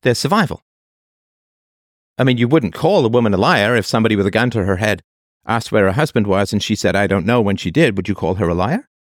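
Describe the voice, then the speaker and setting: A man's voice: on the low side, expressive, quick pace, no room sound, studio quality. A man hosting an advice conversation, pressing a caller with probing questions and acting out quoted voices. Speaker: host.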